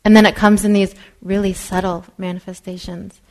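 Soft-spoken woman giving a dharma talk. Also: mid-range voice, little pitch movement, normal speed, poor audio. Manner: soft-spoken, drops to a whisper at times. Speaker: meditation teacher.

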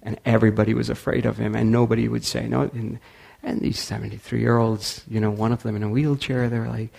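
Male storyteller giving a talk, animated, acting out quotes, husky with gravel. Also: medium pitch, brisk. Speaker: speaker.

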